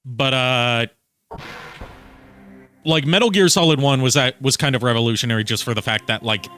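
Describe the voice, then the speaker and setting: A man's voice: mid-range voice, normal speed, bright, forceful tone, clear, resonant tone. A man streaming a video game, giving casual commentary in rambling explanations full of fillers.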